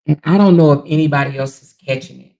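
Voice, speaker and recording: A woman hosting a casual livestream, talking straight to her viewers in an animated, incredulous way. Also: sits low, fast, low-quality recording. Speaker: livestream commentary host.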